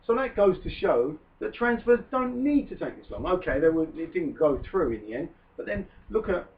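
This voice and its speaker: A man's voice: a little high, big pitch swings, moderate pace. Chatty man on a tinny distant line. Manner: chatty, joking, puts on mock French accent in quotes. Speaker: podcast host. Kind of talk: casual football chat. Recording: distant lo-fi phone-like sound with faint hiss.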